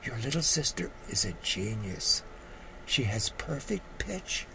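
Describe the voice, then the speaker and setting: A woman's voice: extremely low pitch, big pitch swings, a little slow, vocal fry, bright, forceful tone, slight background noise, pitched below the performer's own voice, full character voice, low-quality recording. An older man voicing a suspicious elderly mother who stammers and hesitates in a read-aloud story. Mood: wary.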